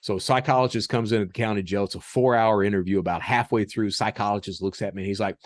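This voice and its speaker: A man telling stories as a podcast guest in a casual, animated way, chuckling as he acts out the dialogue. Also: on the low side, fast, dry recording, clean studio sound. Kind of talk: casual storytelling.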